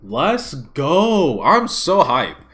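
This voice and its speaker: A man hosting a live watch-party stream who swings between hyped shouting and muttered grumbling, recorded on a smartphone. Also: on the high side, big pitch swings, extremely slow, faint music behind. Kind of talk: excitable live reaction stream.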